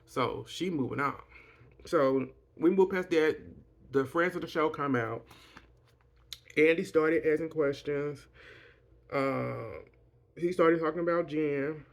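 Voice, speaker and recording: A man's voice: on the high side, takes it slowly, gravelly, pauses often. A man casually retelling a reality show reunion and giving his blunt, profane opinions, rambling with restarts. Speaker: reality TV recap vlogger.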